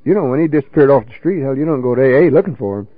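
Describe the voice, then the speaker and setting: A man's voice: mid-range voice, lively intonation, very fast, breathy edge, dry recording, phone-quality sound. An older man telling a folksy, salty story of his drinking days to a recovery meeting, peppering it with "you know.".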